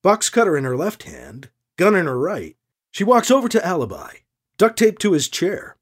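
A man reading a science fiction story aloud as narrator, expressive and animated. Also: sits high, moderate pace, slightly rough. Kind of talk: audiobook narration.

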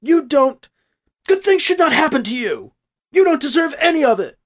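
A narrator voicing an unhinged, bitter woman who accuses a man in a quavering, shrill voice. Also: big pitch swings, moderate pace. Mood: accusing.

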